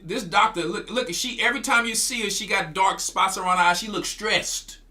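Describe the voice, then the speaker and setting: A man's voice: sits high, sharp tone. A man, a church elder, preaching commentary in a scolding tone, often stumbling and repeating his words.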